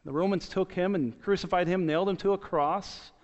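A man's voice: high voice, a little fast. A man preaching a sermon as pastor, earnest, repeating his key points and restarting phrases. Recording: dull sound with long church reverb.

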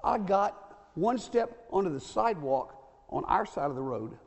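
An older male pastor, in his late sixties, delivers a folksy sermon in a tenor that sits notably high. His words hang in the long reverb of a church sanctuary. He repeats his main points and checks in with the congregation as he goes. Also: expressive, measured pace. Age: 60s.

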